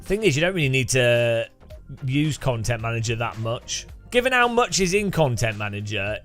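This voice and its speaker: Medium in pitch but with big swings, this man speaks at normal speed in a slightly bright voice over soft background music. While streaming a racing game he rambles casually to viewers, poking fun at himself and chuckling frequently.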